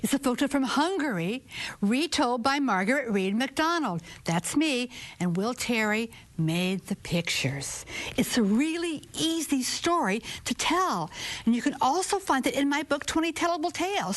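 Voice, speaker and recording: A high-pitched woman tells a children's folktale, stretching out her phrases expressively and slipping into sudden whispers.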